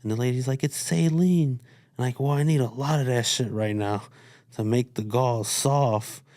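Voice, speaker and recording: A man's voice: mid-range voice, fairly even intonation, normal speed, darkish tone, no echo, studio quality. A man from Chicago, a guest on a podcast, telling his story in a laid-back, profane way and quoting what others said. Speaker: guest artist. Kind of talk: casual interview talk. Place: studio.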